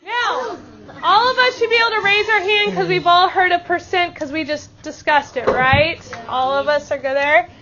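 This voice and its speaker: A woman's voice: very high voice, noisy background. A woman teaching a classroom vocabulary lesson, upbeat and encouraging. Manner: upbeat, encouraging, slow and clear. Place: school classroom. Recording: muffled classroom audio with chattering kids.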